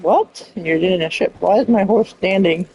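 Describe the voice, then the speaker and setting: A woman voicing a gruff, low-voiced grown man who slowly introduces himself by name during a video game. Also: mellow, low-quality recording.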